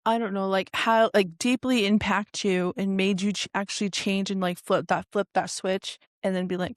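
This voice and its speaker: A woman hosts the talk in an encouraging, rambling way, leaning on filler words and often laughing along with her guests. Her pitch is middle of the road, and the sound is close and dry. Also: steady tone, moderate pace, hardly any pauses, no echo. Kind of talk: casual chat.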